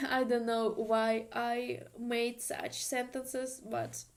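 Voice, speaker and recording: A woman's voice: on the high side, takes it slowly. A woman with a Russian accent teaching an online language lesson, patiently repeating example phrases for learners.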